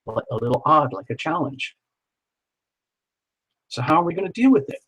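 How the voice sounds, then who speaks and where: A man's voice: on the high side, very animated, moderate pace, a bit bright, husky, low-quality recording. A man doing a live tarot reading, chatty and encouraging, who repeats words for emphasis. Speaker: tarot reader.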